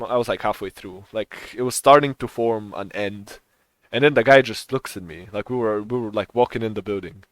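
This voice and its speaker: A man's voice: fairly low pitch, fairly quick, dry recording. A young man co-hosting a podcast in a casual chat, rambling, swearing and laughing often. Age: young adult. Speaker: podcast co-host.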